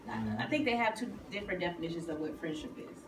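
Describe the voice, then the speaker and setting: A woman chiming in during a casual interview, chatty and quick to react. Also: mid-range voice, lively intonation. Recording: echoey, distant mic with street noise.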